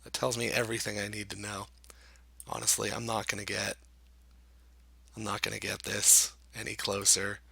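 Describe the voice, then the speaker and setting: A man talks his way through a guessing game in a slow, unhurried drawl, stopping often to muse and poke fun at himself. His voice is gravelly and a little husky, with a bright edge. The sound is dry and close, like a desk mic. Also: on the low side, monotone, no room sound. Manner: musing, self-deprecating, thinks aloud with frequent hesitations. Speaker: gameplay commentator. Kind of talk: casual let's-play commentary.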